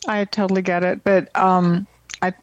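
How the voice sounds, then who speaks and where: A woman's voice: fairly low pitch, flat delivery, moderate pace, highs cut off. A woman co-hosting a casual political chat, reading listener comments aloud with wry asides. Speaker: co-host.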